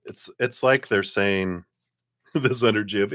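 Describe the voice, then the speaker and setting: A man giving a live-streamed tarot reading, reflective and unhurried, with many "you know"s and soft laughs. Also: lowish voice, no room sound, clean studio sound. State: sucking a cough drop, clearing throat. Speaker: tarot card reader.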